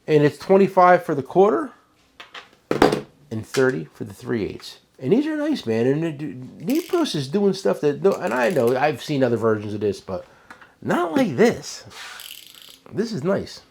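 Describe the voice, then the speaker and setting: A man's voice: on the high side, big pitch swings, moderate pace, vocal fry, darkish tone, a little hiss or hum. A man with a New Jersey accent hosting a casual tool show, rambling and joking with his cohost. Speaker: tool shop owner and show host. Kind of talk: casual product chat.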